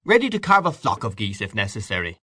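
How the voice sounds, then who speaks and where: A courteous gentleman, as a narrator plays him, low-voiced but animated and polite. He offers help with eager good manners, recorded close and dry. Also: fast, no room sound, heavily acted.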